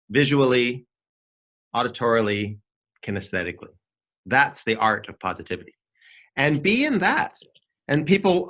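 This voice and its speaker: Male arts coach, bright and animated, persuasive with rhetorical questions, video call sound. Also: medium pitch. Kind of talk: online forum talk.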